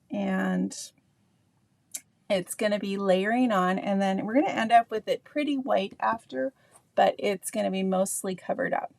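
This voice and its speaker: A woman's voice: medium pitch, creaky, a little mellow, dry recording. Chatty Canadian woman teaching painting. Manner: chatty, rambling with many ums and asides. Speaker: painting instructor. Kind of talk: live painting tutorial, chatting with viewers.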